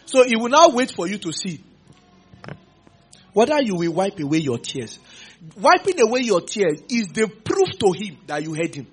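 Animated male preacher. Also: high voice, moderate pace, slightly rough. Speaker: pastor. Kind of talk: sermon.

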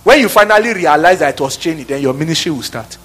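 High-voiced preacher man. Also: fast, soft background music. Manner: animated, laughing, acting out office scenes. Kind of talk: sermon.

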